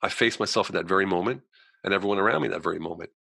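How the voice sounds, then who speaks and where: Fast-talking deep-voiced man telling his story. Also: vocal fry, slightly rough, dry recording. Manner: animated, acts out quoted voices, frequent "you know" fillers. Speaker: guest. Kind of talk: personal storytelling in conversation.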